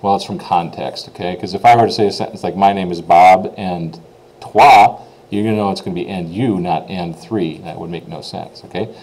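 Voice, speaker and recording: A man with English as his first language, giving an informal French pronunciation lesson, chatty, repeating words slowly and checking in with "okay?". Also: deep voice, steady tone, a little mellow, low-quality recording. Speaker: French teacher.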